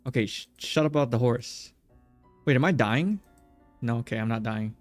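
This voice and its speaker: A man's voice: medium pitch, normal speed, faint music behind. A man streaming a visual novel game, joking around and chatting with his viewers and the characters. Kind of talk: casual let's-play chat.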